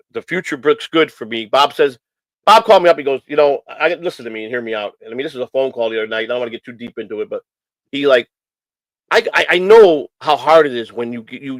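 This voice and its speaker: Casting note Male stream host, mid-pitched, dry close sound, rambling and heartfelt, stumbles and repeats himself. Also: no room sound, low-quality recording. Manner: rambling, repeats phrases, many restarts; earnest and emotional. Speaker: host of a morning stream show. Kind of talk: casual rambling talk.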